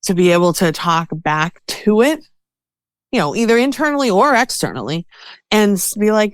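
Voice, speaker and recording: A woman talking as a podcast guest about self-care, animated, sometimes acting out voices in her head as quotes. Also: medium pitch, moderate pace, dry recording. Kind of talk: conversational interview.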